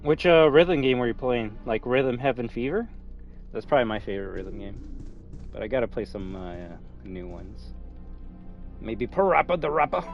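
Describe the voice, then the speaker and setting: A man's voice: mid-range voice, expressive, normal speed, vocal fry, highs cut off, soft background music. A man streaming a game, chatting casually with nerdy asides and plenty of swearing. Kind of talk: casual gameplay commentary.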